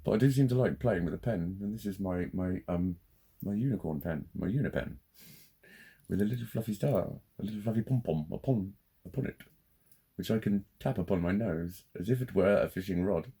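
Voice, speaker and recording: Male vlogger, low husky voice, rambling sweary rant, heats up fast. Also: warm tone. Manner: sweary, rambling, gets heated. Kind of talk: casual rant to camera.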